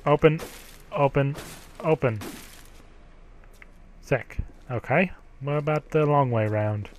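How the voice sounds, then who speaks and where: A man giving gameplay commentary, profane, grumbling and yelling at the game. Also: mid-range voice, slow, a little hiss or hum. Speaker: let's play gamer.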